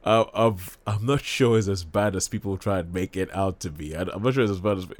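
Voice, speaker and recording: Male radio host, low-pitched, chatty film talk with frequent laughs, dry studio sound. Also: fairly quick, no echo. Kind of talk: casual film chat.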